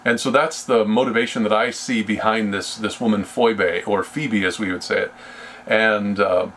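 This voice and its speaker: Man, lowish voice, Bible study teacher, slow deliberate delivery, faint noise behind. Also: fairly even intonation, a bit bright. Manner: slow and deliberate, with frequent restarts.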